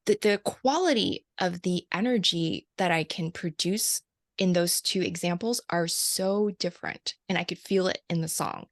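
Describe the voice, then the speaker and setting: Woman guest, lower voice, reflective, laughs a lot, fillers, dry close sound. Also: moderate pace, no room sound. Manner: laughs often, reflective, many fillers and restarts. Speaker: light language channeler, guest. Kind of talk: casual interview conversation.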